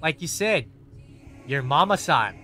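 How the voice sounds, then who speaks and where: A man chatting casually on stream, excitable and prone to squeals and giggles. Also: on the high side, unhurried, faint music behind. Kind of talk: casual chat.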